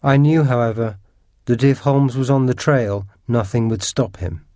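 A man narrating an audiobook with a steady, clear scripted reading. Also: medium pitch, moderate pace, no echo, clean studio sound.

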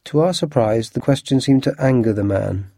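A man narrating an audiobook with a steady, clear scripted reading. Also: medium pitch, moderate pace, no echo, clean studio sound.

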